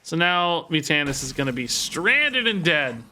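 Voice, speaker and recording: A man's voice: a little high, sing-song, a little slow, bright, forceful tone, slight background noise. A man streaming live, commenting on his gameplay, thinking aloud and picking apart his own moves. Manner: thinks aloud, self-critical, repeats himself. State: sore and tired from sport. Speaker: game streamer.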